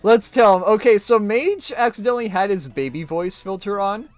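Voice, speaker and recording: Brief: male game streamer, animated pitch, jokey and quick to laugh, faint music under. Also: no echo. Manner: joking, laughs often, mock British voice. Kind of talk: casual chat over a party game.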